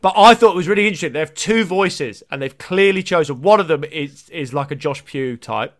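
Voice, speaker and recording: An English man co-hosting a comedy podcast in casual, jokey chat, often slipping into quick put-on voices. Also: a little high, expressive. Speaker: podcast co-host.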